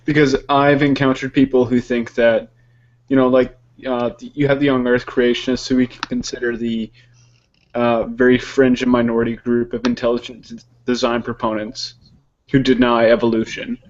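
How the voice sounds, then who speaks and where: A man in a casual discussion, asking a long, structured question in measured terms. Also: mid-range voice, level tone, dull audio, a little hiss or hum.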